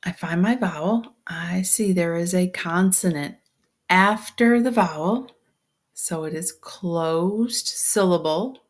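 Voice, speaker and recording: A woman teaching a phonics lesson step by step, patient and slow, often dropping to a whisper. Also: fairly low pitch.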